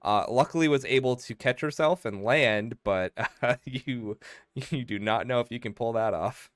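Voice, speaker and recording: A man narrating as game master for a tabletop game, pausing often with "uh" and "um". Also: mid-range voice, fairly bright tone, no echo, clean studio sound. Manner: halting, many "uh" and "um".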